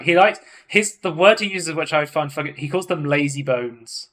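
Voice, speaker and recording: A man hosting a casual podcast, chatting in an animated way and swearing often. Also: fairly high pitch, moderate pace, hardly any pauses. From United Kingdom. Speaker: podcast host. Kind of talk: casual chat.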